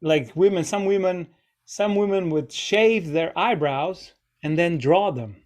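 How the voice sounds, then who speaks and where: A man's voice: high voice, unhurried, a little mellow. A man hosting a live improv comedy show, rambling and chatty as he keeps interrupting himself. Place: small theater stage.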